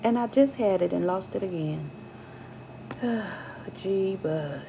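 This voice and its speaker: A woman vlogger delivers a casual, profane storytime rant, animated and slow, with vocal fry; when she gets worked up, her voice jumps high and loud. Background noise is present.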